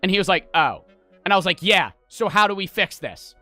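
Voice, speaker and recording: Bright-voiced, profane male streamer ranting. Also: high voice, expressive, fairly quick, faint music behind. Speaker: live streamer. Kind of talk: casual story-time rant to a live chat. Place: home streaming setup.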